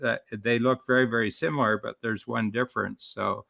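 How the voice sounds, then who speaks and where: A man's voice: medium pitch, fairly even intonation, a little fast, gravelly, a bit bright. A man talking as a business coach and author in a live-streamed interview, explaining his ideas in a rambling way with many restarts.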